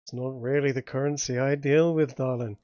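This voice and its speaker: A game master voicing a sly male tavern owner who makes deals, with a put-on Scottish accent and a smooth manner that calls people darling. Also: mid-range voice, fairly even intonation, a little fast, dark tone, no echo, natural voice. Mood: wheedling. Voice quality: lilting put-on brogue. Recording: dry, slightly muffled recording.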